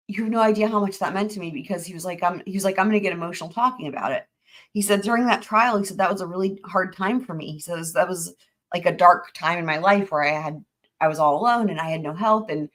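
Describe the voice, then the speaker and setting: A woman's voice: mid-range voice, fairly bright tone. A young woman, hosting a trial recap channel and telling viewers a story in a chatty, gushing way, full of fillers and restarts.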